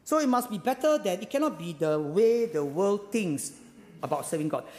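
A male pastor with a Singaporean English accent preaching a sermon. He talks in an animated, conversational way, drops "ah" and "lah" at the ends of phrases and keeps asking the congregation rhetorical questions. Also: sits high, moderate pace. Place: church hall. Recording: long hall reverb.

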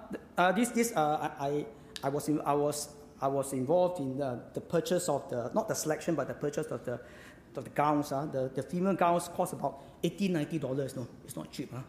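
A high-voiced man with a Singaporean English accent preaches in a lively, swooping way, throwing questions back at his listeners. His voice rings through a long-echoing church hall, with a faint murmur of room ambience underneath. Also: slight background noise. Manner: animated, asks the audience rhetorical questions. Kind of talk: sermon.

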